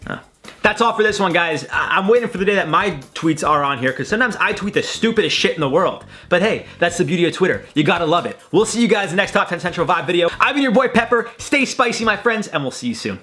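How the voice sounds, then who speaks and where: A man's voice: sits high, quick pace, soft background music. A young man hosting a tweet-reaction video in his room, rambling and swearing in a loose, joking way. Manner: animated, rambling, swearing, laughing at own jokes. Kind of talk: casual reaction commentary. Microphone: desk mic at his computer.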